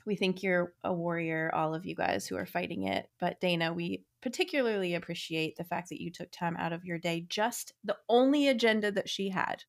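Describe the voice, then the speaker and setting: A woman's voice: on the low side, fairly quick, gravelly, few pauses. An American woman co-hosting a casual true-crime podcast, chatty and upbeat as she tells the story. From United States. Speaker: podcast co-host.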